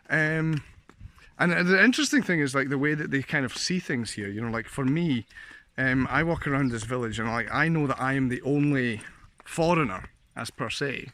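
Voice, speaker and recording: A man's voice: medium pitch, normal speed, bright, forceful tone. A Scottish man vlogging in a casual, jokey monologue, full of fillers and laughs. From Scotland. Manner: chatty, jokey, laughs often, many fillers. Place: living in a Slovak village.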